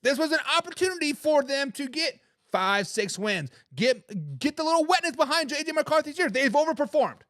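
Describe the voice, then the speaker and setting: A man's voice: very high-pitched, lively intonation, moderate pace, hardly any pauses, fairly bright tone, no echo, clean studio sound. A man hosting a sports talk show, mocking and trash-talking fans in a rant while he reads live chat comments. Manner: mocking, trash-talking, repeats words when fired up.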